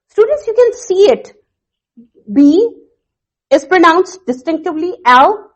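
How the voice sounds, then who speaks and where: A woman teacher explaining phonics to students in a recorded lesson, repeating points slowly with fillers. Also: high-pitched, big pitch swings, low-quality recording. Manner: slow, repetitive explaining with fillers.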